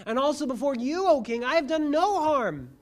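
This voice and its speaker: A preacher reading aloud the reply of a reverent man to a king, loud, slow and solemn. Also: sits high, lively intonation, pitched above the performer's own voice.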